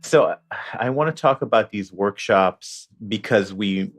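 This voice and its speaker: A man's voice: on the low side, unhurried, faint music behind. A man hosting a podcast, framing his questions with hesitant restarts. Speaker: podcast host. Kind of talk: casual podcast interview.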